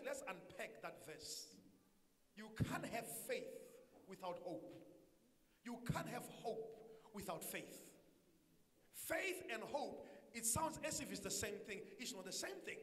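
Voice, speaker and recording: A male pastor preaching with emphatic call-and-response, drilling his congregation with repeated questions. His voice sits very high and rings bright and forceful. The sound carries a long reverb from a church hall. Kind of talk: sermon.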